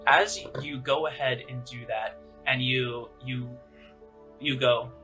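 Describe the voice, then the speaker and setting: A man's voice: medium pitch, fairly even intonation, slow pace, pushed and bright, soft background music, poor audio. A man narrating as game master of a tabletop game, in a casual, rambling way with many fillers.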